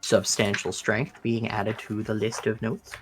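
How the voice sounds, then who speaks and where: A male player at a tabletop game calmly describes what his character does. He speaks slowly and evenly, with faint music in the background. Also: on the low side. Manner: relaxed, narrating his character's actions. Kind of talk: casual tabletop play.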